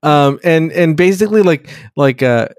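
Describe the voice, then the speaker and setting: A man's voice: fairly high pitch, animated, normal speed, clear, resonant tone, no echo, studio quality. A man casually retelling a story in a podcast chat, rambling and profane, laughing often.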